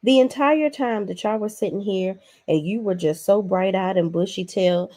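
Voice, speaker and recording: Speaking at medium pitch and normal speed, this woman has a dark tone as she delivers a casual, blunt reality-show recap. Her opinionated commentary is sassy and full of profanity, aimed right at the cast members.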